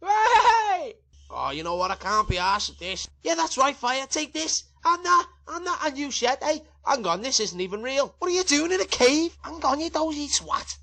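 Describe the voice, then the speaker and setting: A man's voice: very high voice, sing-song, moderate pace, creaky, sharp tone, full character voice. A man voicing a crude, sweary adult fireman with a Scouse accent in a comedy parody dub. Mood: rowdy. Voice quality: brash, sweary.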